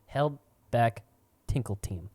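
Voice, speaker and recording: A man's voice: mid-range voice, animated, takes it slowly, darkish tone, no echo. Crude rambling young man telling stories. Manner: crude, rambling, laughing storyteller. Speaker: podcast co-host. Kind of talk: casual storytelling.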